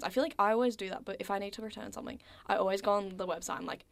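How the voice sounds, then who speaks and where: Young woman, chatty co-host, gravelly fry in the voice, dry close sound. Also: mid-range voice, fairly even intonation, very fast, hardly any pauses, no room sound. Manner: chatty, frequent "like", trails off softly. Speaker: co-host asking questions. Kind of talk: casual chat.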